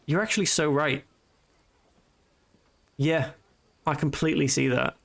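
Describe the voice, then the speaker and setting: A man chats through a game on a live stream, rambling and joking as he goes. His voice is even in pitch with a gravelly edge. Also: a little slow. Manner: joking, rambling, cheeky asides. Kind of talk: casual live stream commentary.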